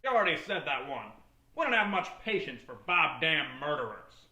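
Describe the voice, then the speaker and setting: A man playing an excitable, bumbling young detective in a comedy web drama. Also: on the high side, normal speed, roomy sound, exaggerated voice, rough recording. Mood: goofy. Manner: excitable, jokey. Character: bumbling young male detective, eager and goofy.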